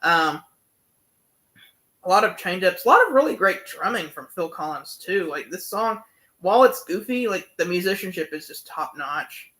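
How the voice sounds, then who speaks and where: A man's voice: high-pitched, lively intonation, moderate pace, bright, forceful tone. A young man giving a casual, enthusiastic album review, full of fillers and humming along to the songs. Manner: enthusiastic, many fillers, hums and sings along. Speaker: music reviewer.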